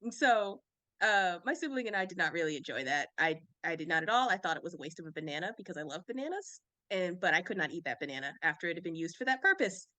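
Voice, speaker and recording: A woman's voice: lowish voice, sing-song, fast, sharp tone, no room sound. A woman on a panel telling a funny story in a playful, laughing way.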